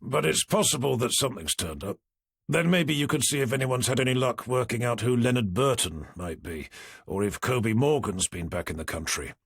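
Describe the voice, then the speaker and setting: A man's voice: medium pitch, animated, moderate pace, gravelly, a bit bright, husky, no echo, exaggerated voice. A man voicing a brooding detective chief inspector who speaks tersely and coldly, in an audiobook reading. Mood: measured. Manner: terse, muttering, cold.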